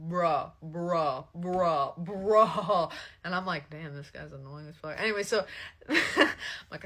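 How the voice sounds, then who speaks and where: A young woman tells a story in a casual chat, her voice bright and forceful. She swears freely and acts out the people she quotes, swinging between hushed asides and loud outbursts. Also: lowish voice.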